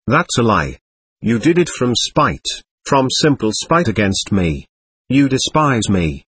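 A man's voice: mid-range voice, fairly bright tone, slightly rough, dry recording, heavily acted. A man reading the part of a cold, scornful young man who speaks curtly. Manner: curt and contemptuous.

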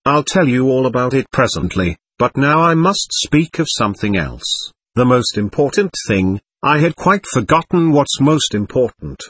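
A man's voice: medium pitch, very animated, fairly bright tone, slightly rough, dry recording. A man voicing a gushing, nervous noblewoman. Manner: rapid, nervous, effusive. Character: anxious gushing aristocratic lady, middle-aged.

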